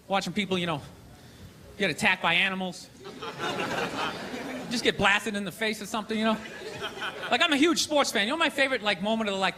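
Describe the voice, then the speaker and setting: High-voiced ranting stand-up comic. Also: male voice. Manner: loud, ranting, mocking delivery with shouted bursts. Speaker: stand-up comedian. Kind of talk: stand-up comedy set. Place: theater stage with live audience. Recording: live show with crowd noise.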